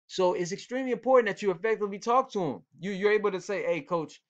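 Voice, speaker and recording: Male football coach, slightly high voice, casual and direct, repeats key points, muffled lo-fi audio. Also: very fast. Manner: direct, repetitive, coach-like urging. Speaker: football coach and cornerback trainer. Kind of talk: casual instructional talk to young players.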